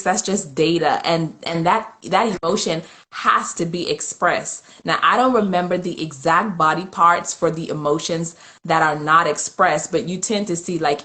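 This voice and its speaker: A woman's voice: fairly low pitch, fairly bright tone. A woman guest in an interview, giving earnest, explanatory advice and leaning on everyday analogies. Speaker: guest, communication expert. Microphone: phone or webcam on a live video call.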